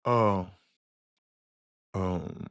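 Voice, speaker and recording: A man's voice: low voice, steady tone, extremely slow, clean tone. A man hosting a casual sports call-in show, loose and rambling, repeating words and talking to listeners as y'all.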